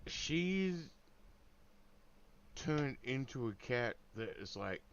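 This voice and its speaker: A man's voice: medium pitch, big pitch swings, very slow, highs cut off, a little hiss or hum. A man streaming a game, telling a meandering story in laid-back, swearing casual chat full of fillers. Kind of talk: rambling casual chat while gaming.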